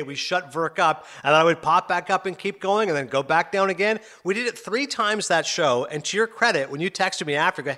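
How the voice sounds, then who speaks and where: A middle-aged male sports broadcaster in casual interview chat, telling stories with laughs and acted-out quotes. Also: sits high. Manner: animated storyteller, laughs often, acts out quotes. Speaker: sports broadcaster and podcast host.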